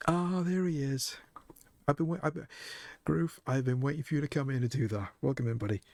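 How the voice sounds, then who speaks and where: A man's voice: mid-range voice, a little fast, dry recording, clean studio sound. A man streaming live, chatting casually with viewers, joking and laughing often.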